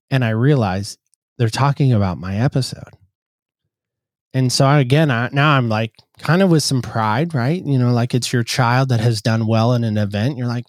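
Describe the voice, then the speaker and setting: A man with an everyday, mid-range voice tells a story to his interviewer in an earnest, warm way. He slips into little voices for the people he quotes. The sound is dry and close, with no room echo. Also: mid-range voice, expressive, moderate pace. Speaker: podcast host, guest. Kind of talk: conversational storytelling.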